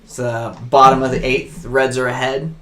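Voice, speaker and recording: A man's voice: mid-range voice, little pitch movement, normal speed, bright, forceful tone. A man casually narrating as game master of a tabletop role-play, joking with his players.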